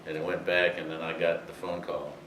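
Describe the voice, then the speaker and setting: A man's voice: extremely low pitch, level tone, fairly quick. An older man telling rambling racing anecdotes to an audience, with many fillers. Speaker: speaker telling racing history. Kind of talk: storytelling talk to an audience. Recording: roomy, distant, faint hiss.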